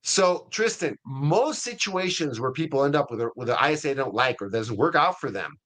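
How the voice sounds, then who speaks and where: A man's voice: medium pitch, animated, brisk, a bit bright. A man speaking as a guest in a webinar interview, explaining casually and often checking in with the listener. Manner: conversational, checks in with frequent "right?" and "okay?". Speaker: guest, CEO of an ISA staffing firm.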